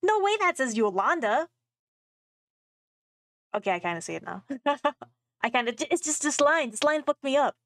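A woman's voice: sits high, big pitch swings, moderate pace, long pauses, a bit bright, no echo. Young woman swearing through game commentary. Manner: reads game texts aloud, swears and laughs freely. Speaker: gaming streamer. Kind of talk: casual let's play commentary.

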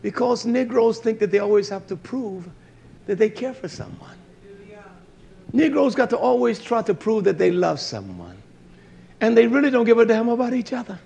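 A man's voice: extremely high pitch, expressive, normal speed, creaky, husky. A man preaching a sermon, telling stories with emphatic repetition and blunt swearing. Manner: emphatic preaching, repeats phrases for stress; swears for emphasis and grows louder. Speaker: pastor.

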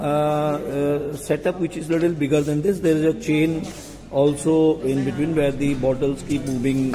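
A man with an Indian English accent giving a casual vlog tour of a bar, talking slowly with many fillers and pauses. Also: a little high, warm tone. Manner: hesitant, many fillers, slow. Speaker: hospitality vlogger. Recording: long reverb in a hall.

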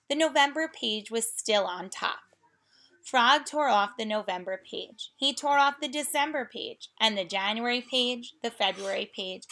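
A woman reading a children's bedtime story aloud in a gentle, unhurried way. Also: on the high side.

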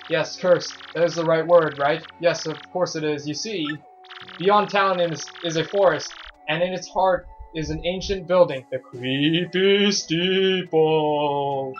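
A man's voice: a little high, steady tone, moderate pace, soft background music, lightly acted. Man reading worried town villager, fretful, dull lo-fi audio.

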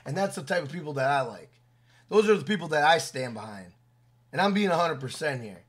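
A man with a fairly high voice for a man, ranting at his audience. He swears constantly, repeats himself for emphasis and talks in a blunt, heated way. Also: expressive, fairly quick, fairly bright tone, husky. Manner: profane, heated, repetitive, blunt. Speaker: gaming video creator. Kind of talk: angry rant to camera.

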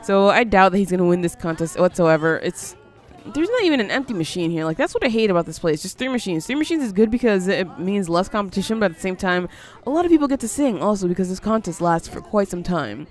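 Fast and animated, a woman with a mid-range voice gives casual let's-play commentary, chatty and easily surprised as she coaxes her game character along. She's wearing headphones and using a desk mic.

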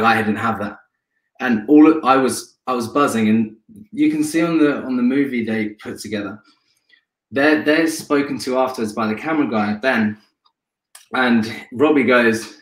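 A man recounts a story in a relaxed, animated way and slips into the voices of the people he quotes. He speaks at a mid pitch. The sound has a roomy echo, as it would over a video call. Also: moderate pace. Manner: animated storyteller, acts out quotes, swears freely. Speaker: guest, ultra endurance athlete. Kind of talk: casual storytelling in a live interview.

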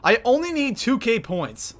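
Male livestreamer, hyped commentary, bright and sharp-toned. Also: very high voice, moderate pace. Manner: excitable, thanks viewers by name between frantic gameplay reactions. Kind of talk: live gameplay commentary.

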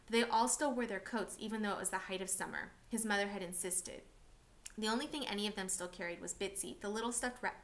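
A woman reading a novel aloud for a class, steady and expressive. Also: mid-range voice.

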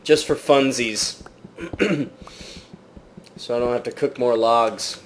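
A man talking through a game at an unhurried pace, in a playful put-on British accent. He keeps turning to his viewers as "guys" and lets out startled yelps when something jumps at him. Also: medium pitch, slight background noise. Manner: jokey mock British accent. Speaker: gaming channel host. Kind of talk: let's play gameplay commentary.

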